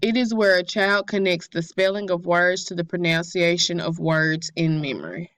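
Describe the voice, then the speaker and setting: A woman's voice: on the low side, moderate pace, fairly bright tone, no room sound. A young woman student reading her class presentation aloud carefully, with occasional slips.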